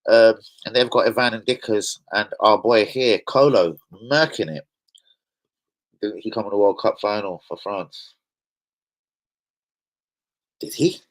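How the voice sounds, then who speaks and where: A man's voice: on the low side, measured pace, pauses often, rough recording. A man hosting a casual football live stream, chatting in slangy banter with his viewers.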